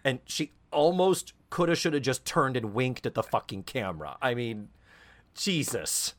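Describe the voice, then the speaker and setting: A man co-hosts a chatty podcast, his pitch leaping up and down as he tells stories. He talks animatedly and swears freely. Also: moderate pace. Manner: animated, profane storytelling. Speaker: podcast co-host. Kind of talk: casual chat.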